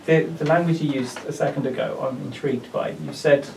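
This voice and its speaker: A man's voice: medium pitch, fairly even intonation, brisk, vocal fry. A man in the audience asking a careful, hesitant question. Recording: distant, echoey, noisy room sound.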